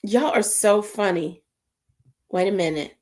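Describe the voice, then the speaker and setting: A woman's voice: medium pitch, unhurried, darkish tone. A woman, hosting a casual livestream and reading viewer comments aloud, laughing often and puzzling over unusual names.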